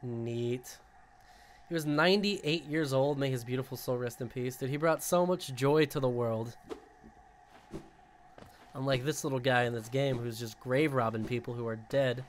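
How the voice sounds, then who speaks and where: A young man streaming a video game, talking casually with excitable outbursts, rambling asides and a lot of swearing. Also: mid-range voice, normal speed, a little hiss or hum. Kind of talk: casual gaming commentary.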